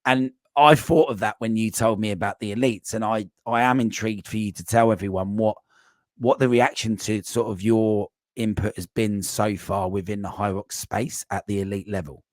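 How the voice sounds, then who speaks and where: Guy hosting a podcast, low voice, rambly questions full of ums, dry close mic. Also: steady tone, moderate pace, dry recording. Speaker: podcast host and coach. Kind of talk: casual podcast interview.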